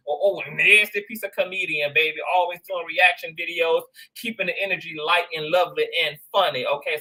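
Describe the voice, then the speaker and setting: A man hosting a casual livestream, greeting viewers one by one with lively slang. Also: on the high side, rough recording. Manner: animated, shouting out viewers, slang-heavy. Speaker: livestream host.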